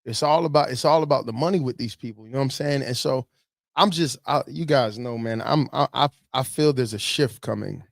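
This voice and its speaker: A man's voice: mid-range voice, fairly quick, gravelly, dry recording, clean studio sound. A man giving fervent, preachy commentary, getting teary-eyed and repeating himself for emphasis. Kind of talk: emotional commentary.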